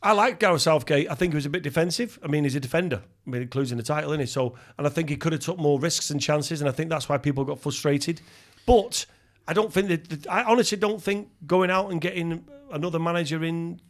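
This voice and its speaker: Man, middle-aged, from england, slightly high pitch, opinionated casual podcast chat. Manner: opinionated football talk, quick interjections. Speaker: podcast co-host.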